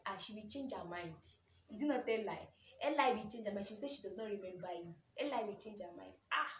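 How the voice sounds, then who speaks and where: A young Nigerian vlogger in her twenties tells an emotional personal story, repeating phrases often in an animated way. Her medium-pitched voice is recorded in an echoey room with a little hiss or hum.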